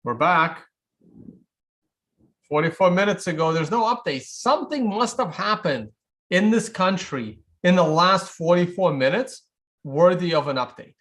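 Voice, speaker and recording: A man's voice: high voice, expressive, unhurried, fairly bright tone. A man from Russia hosting a livestream, answering viewer questions in a wry, offhand way and thinking aloud. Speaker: livestream host.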